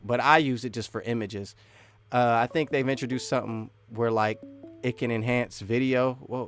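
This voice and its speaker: A man's voice: mid-range voice, dry recording. Rambling man hosting a live stream. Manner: rambling, restarts often, laughs between thoughts. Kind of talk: casual live stream chat.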